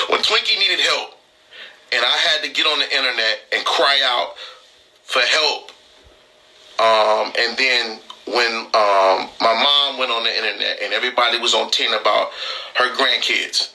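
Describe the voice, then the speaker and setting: A man's voice: fairly high pitch, sharp tone, rough recording. Heated, emphatic man on a live stream. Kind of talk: impassioned live-stream talk.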